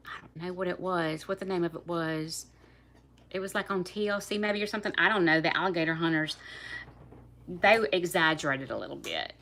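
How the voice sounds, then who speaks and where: A woman's voice: fairly low pitch, brisk, fairly bright tone. A woman with a South Louisiana accent chatting casually on a livestream, laughing often and talking straight to her viewers. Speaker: livestream host.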